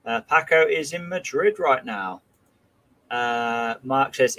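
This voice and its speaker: A man's voice: medium pitch, takes it slowly, pushed and bright, rough recording. A man hosting a casual livestream, reading viewer comments in a chatty, friendly way with many fillers. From England. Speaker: livestream host.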